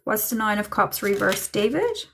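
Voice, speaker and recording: A woman doing a live psychic reading for chat viewers, slow and musing, with many ums and trailing thoughts. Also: mid-range voice, sing-song, vocal fry, a little hiss or hum. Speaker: psychic medium.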